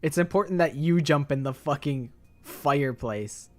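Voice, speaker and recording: A man's voice: on the high side, moderate pace, a little mellow, faint music behind. Young male streamer, casual rambling chat, loose and profane. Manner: rambling, swears, filler-heavy.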